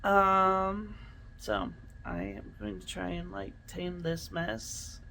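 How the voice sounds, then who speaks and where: A woman's voice: fairly low pitch, big pitch swings, slow, bright, forceful tone, a little hiss or hum. A woman vlogger chatting casually about her day, rambling with lots of fillers. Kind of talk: casual daily vlog chat.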